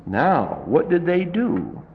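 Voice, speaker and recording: A man's voice: fairly high pitch, wildly swooping pitch, slow, highs cut off. A male pastor preaching a sermon in a folksy, emphatic and dramatic way, in a reverberant church hall.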